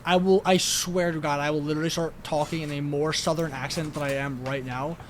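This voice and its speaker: A man's voice: fairly high pitch, steady tone, fairly quick, a little hiss or hum. A young man with a New York accent, chatting casually as a podcast co-host, rambling and swearing with lots of filler words. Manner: rambling, profane, heavy use of "like".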